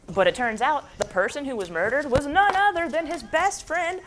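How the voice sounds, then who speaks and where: A woman's voice: sits high, expressive, moderate pace, few pauses, a bit bright, a little hiss or hum. A young adult woman giving a jokey, slangy, casual book summary as a book club presenter.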